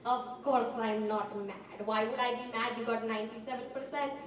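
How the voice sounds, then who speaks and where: A young woman voicing a strict middle-aged father who insists he is not mad, then shouts, recorded from far off in an echoey room. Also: a little high, moderate pace, slight background noise, close to an everyday voice. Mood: flat denial. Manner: clipped, flat denials that turn to shouting. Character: stern strict father, middle-aged man, holds back anger then explodes.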